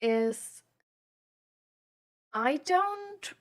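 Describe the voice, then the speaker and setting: This young woman's high, animated voice moves very slowly as she streams and fields chat questions. The talk is casual and rambling, with "like" and "um" stuffed into each phrase.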